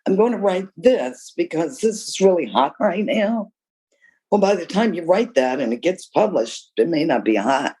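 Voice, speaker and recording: A woman's voice: fairly low pitch, breathy edge, poor audio. An older woman answering interview questions, candid and emphatic, telling stories from her career. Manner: candid, emphatic, with lively storytelling. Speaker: guest author.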